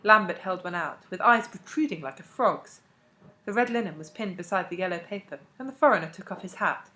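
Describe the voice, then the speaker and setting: A woman narrating a classic novel as an audiobook, in a measured and expressive way. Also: fairly low pitch. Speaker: audiobook reader.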